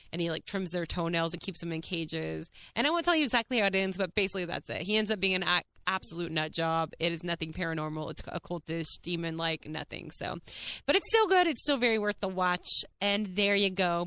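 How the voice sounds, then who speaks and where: A woman podcast host tells a rambling story in a chatty, animated way. Her voice is bright and crisp, and the recording is dry and close with no room sound. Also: lowish voice, no echo. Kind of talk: casual storytelling monologue.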